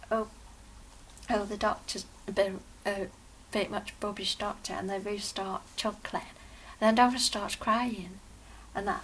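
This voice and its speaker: A woman giving a casual, excited, rambling review of a TV episode, often restarting her sentences. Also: mid-range voice, slight background noise.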